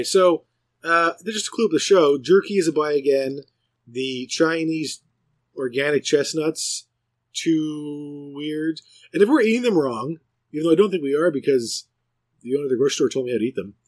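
A man's voice: on the high side, no room sound. A middle-aged man co-hosting a podcast in easygoing, joking casual chat. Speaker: podcast co-host.

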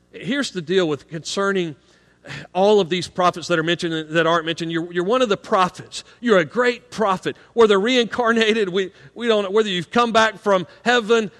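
A man's voice: on the high side, a bit bright. A middle-aged man preaching a sermon as pastor of a church, earnest and building emphasis on key points, often repeating a word as he starts a phrase. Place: church sanctuary. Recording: long hall reverb.

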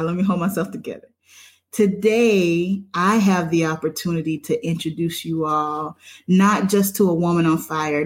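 A woman hosting a faith-based podcast, speaking with emotional, preacher-like repetition. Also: fairly low pitch. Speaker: podcast host. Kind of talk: enthusiastic podcast introduction.

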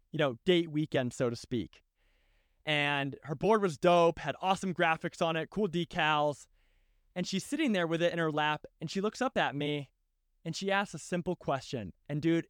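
A man's voice: on the high side, fairly bright tone, smooth, no room sound, studio quality. A young man hosting a podcast, telling a personal story in a casual, heartfelt way and often tagging on "right?" and "dude". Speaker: podcast host.

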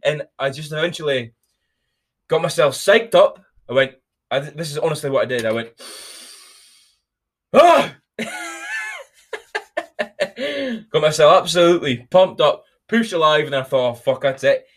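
A man's voice: a little high, brisk. Blunt, sweary man. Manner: profane, energetic, blunt. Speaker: podcast host. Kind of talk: motivational podcast monologue.

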